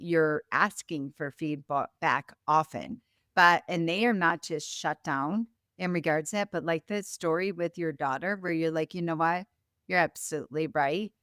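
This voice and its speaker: Lively storytelling woman, low and smooth. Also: no room sound, studio quality. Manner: animated storyteller, acts out quoted voices. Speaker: guest, business founder. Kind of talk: casual interview chat.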